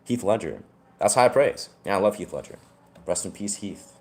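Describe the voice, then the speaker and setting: Super low-voiced guy just chatting to the camera, chill and rambly, stops a lot to find the word, soft piano in the background. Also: lively intonation, normal speed. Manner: rambling, laid-back, searching for words. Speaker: musician. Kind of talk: casual talk to camera.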